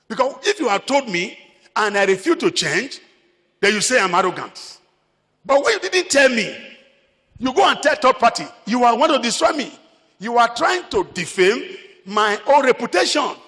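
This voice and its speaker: A man's voice: very high-pitched, sing-song, moderate pace, long pauses, bright, forceful tone, long reverb tail. A Nigerian man preaching a sermon as pastor, emphatic, repeating his phrases.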